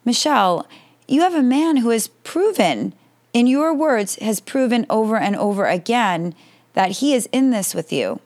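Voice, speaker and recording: A woman's voice: fairly high pitch, sing-song, unhurried, darkish tone. A woman in her forties hosting an advice podcast, answering listener questions in a direct, reassuring way.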